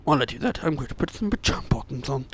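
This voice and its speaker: A man's voice: medium pitch, expressive, very fast, fairly bright tone, slight background noise. A man streaming a game, reading its narration aloud and making wry, casual remarks.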